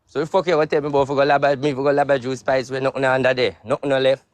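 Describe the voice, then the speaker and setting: A man's voice: mid-range voice, little pitch movement, rapid-fire, dry recording. A man with a Jamaican accent in a profane, heated live video rant in heavy patois. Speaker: social media personality.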